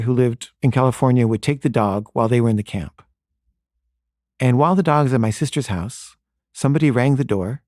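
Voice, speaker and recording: A man's voice: mid-range voice, darkish tone, no echo, clean studio sound. A man telling a personal story in a casual, conversational way, full of fillers. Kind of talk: personal story told to an audience.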